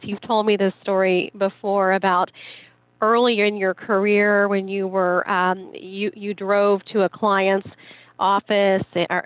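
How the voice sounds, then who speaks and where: A woman's voice: medium pitch, dry recording. A woman host hesitantly sets up a question for her guest, searching for her words. The sound is tinny and phone-like, with a dry, close feel. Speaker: podcast host. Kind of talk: interview questions.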